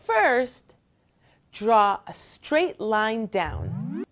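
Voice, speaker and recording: Woman, children's teacher, slow and clear, lively sing-song, somewhat high voice. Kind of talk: bilingual children's lesson.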